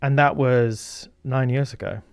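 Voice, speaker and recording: A man's voice: mid-range voice, steady tone, measured pace, gravelly, clear, resonant tone, no room sound. Earnest middle-aged man, dry close sound. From Zimbabwe. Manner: earnest, anecdotal, many fillers. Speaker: guest, media founder. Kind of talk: casual interview storytelling.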